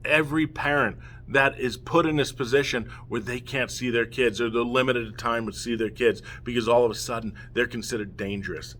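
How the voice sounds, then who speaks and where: A medium-pitched, fairly bright male voice comes through with a little hiss or hum. The speaker, a middle-aged father speaking out against family courts, gives a heated, pleading, impassioned rant to the camera, repeatedly checking in with "okay?".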